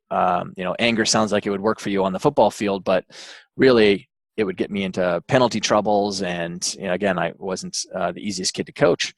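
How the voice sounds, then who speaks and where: A man, an author interviewed as a guest, telling an anecdote in a relaxed way with frequent fillers and restarts. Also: deep voice, no echo. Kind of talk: interview storytelling.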